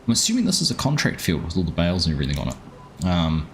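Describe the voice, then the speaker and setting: A man's voice: deep voice, huge pitch swings, fast, slight background noise. A man hosting a live gaming stream, chatting casually and greeting viewers by name as he plays.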